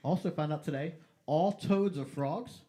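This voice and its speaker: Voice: mid-range voice, unhurried, dark tone. A playful host running a silly game show on a live stream, stretching out key words like an announcer.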